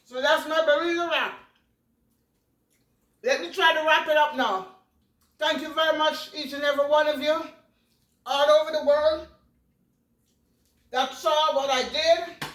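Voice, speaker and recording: A woman's voice: high-pitched, fairly even intonation, a little slow, pauses often, a bit bright, recorded from a distance. A woman chatting through a home cooking vlog, repeating herself and thanking her viewers. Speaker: cooking vlogger. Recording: echoey room, voice off-mic.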